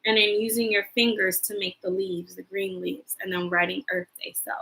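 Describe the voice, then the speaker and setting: Upbeat woman teacher with gravelly brightness. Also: mid-range voice, level tone, low-quality recording. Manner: encouraging, spells words slowly for children to repeat. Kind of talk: livestreamed kindergarten lesson.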